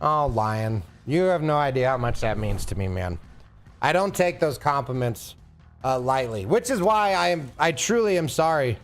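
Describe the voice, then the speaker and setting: A young man streaming from home, chatting casually with his viewers in an animated, teasing way and laughing often. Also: mid-range voice, normal speed, soft background music. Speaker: streamer reading chat. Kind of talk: casual live-stream chat.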